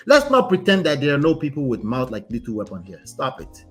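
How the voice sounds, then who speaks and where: A man's voice: medium pitch, huge pitch swings, fairly quick, faint music behind. A man, a relationship coach host giving casual, emphatic commentary and often asking "right?". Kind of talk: casual commentary on a reader's story.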